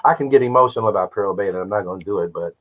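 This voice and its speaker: A man in his seventies from Oklahoma, a guest who tells animated stories and acts out the voices of people he quotes. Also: on the low side, very fast. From Oklahoma, United States. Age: 70s. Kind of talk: casual interview storytelling. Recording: dull lo-fi audio.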